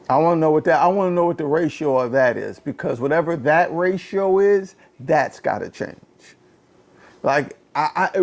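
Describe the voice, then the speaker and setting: A man hosting a casual political talk show, ranting in an animated, exasperated way, often repeating phrases and swinging from low muttering to a raised voice. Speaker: podcast host. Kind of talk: casual political commentary rant.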